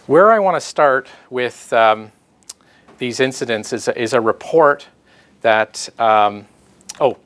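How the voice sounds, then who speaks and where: A man giving a public talk with slides, presenting his research in a halting way with many fillers and restarts. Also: mid-range voice, a bit bright.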